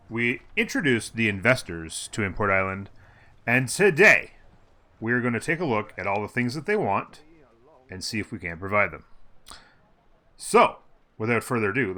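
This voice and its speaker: A man narrates his own gameplay casually into a desk mic. Though low, his voice is bright and sharp, ranging widely in pitch; he muses aloud with fillers and revises his sentences as he goes.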